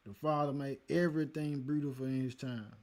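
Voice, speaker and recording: Casual man streaming a scripture talk, easygoing, talks straight to his chat at an ordinary pitch. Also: fairly even intonation, fairly quick, darkish tone. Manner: laid-back, talks to the chat, calls listeners man and y'all. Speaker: livestream host teaching scripture.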